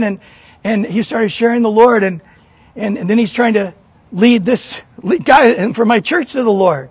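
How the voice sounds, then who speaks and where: Earnest high-voiced male pastor. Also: a little slow, husky, no echo. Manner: earnest, questioning, repeats words when starting. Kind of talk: sermon.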